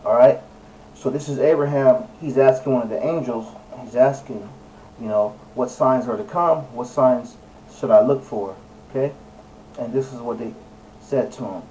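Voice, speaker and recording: A man with a mellow, warm voice gives a casual scripture talk, emphatic and preachy, often stopping to correct himself. He sounds set back from the microphone, with faint room noise underneath. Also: mid-range voice, normal speed, far from the mic, rough recording. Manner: preachy and emphatic, with frequent fillers and self-corrections. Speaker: religious video presenter. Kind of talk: casual scripture teaching while reading aloud and searching online.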